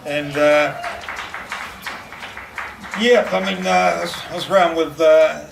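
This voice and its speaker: A man's voice: fairly high pitch, fairly even intonation, slow pace, creaky. A middle-aged man giving a rambling memorial speech, full of fillers and laughing through anecdotes. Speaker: eulogist at a memorial. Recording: distant mic with background noise.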